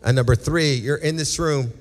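A male pastor with a slightly high voice, speaking at a moderate pace, preaches a passionate sermon and altar call in a large church sanctuary. He pleads with listeners, repeating his exhortations and acting out their voices in quotes. The recording echoes through the hall, with music present.

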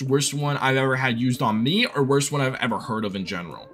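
A young man live-streaming a game, chatting casually and telling rambling, excitable stories. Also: medium pitch, brisk, faint music behind.

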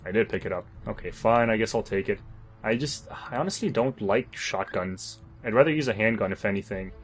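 A man's voice: on the low side, normal speed, soft background music. A man commentating his own zombie game playthrough, swearing, joking and talking to himself in exasperation. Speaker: gamer. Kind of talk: let's play commentary.

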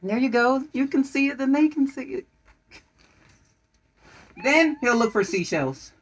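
A woman reads a picture book aloud at home with a bright, high voice. She is playful and coaxing, and breaks off the reading to give quick directions in a game of pretend. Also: expressive, low-quality recording. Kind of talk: home storytime read-aloud with pretend play.

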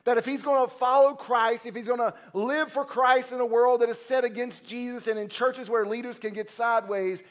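A man's voice: extremely high pitch, fairly even intonation, brisk, hardly any pauses. A man, the senior pastor, preaching a sermon at a church service in an impassioned, emphatic way that builds through repetition.

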